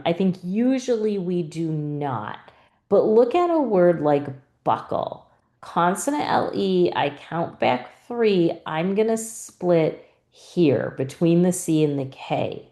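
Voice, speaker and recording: A woman's voice: deep voice, dark tone. A woman teacher, patiently explaining a spelling rule and often checking in with "right?". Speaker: reading teacher. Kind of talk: instructional explanation.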